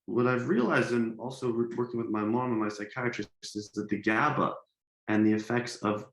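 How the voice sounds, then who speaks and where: A man hosting a podcast interview who explains his own experience in a measured way. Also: medium pitch, a bit bright. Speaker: podcast host. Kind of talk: conversational interview. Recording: echoey room.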